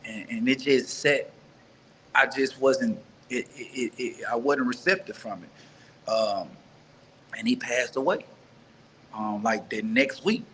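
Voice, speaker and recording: A man from Mississippi telling his life story as an interview guest, earnest and halting, often restarting and repeating words. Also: medium pitch, fairly bright tone, slight background noise, rough recording. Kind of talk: personal life story in conversation.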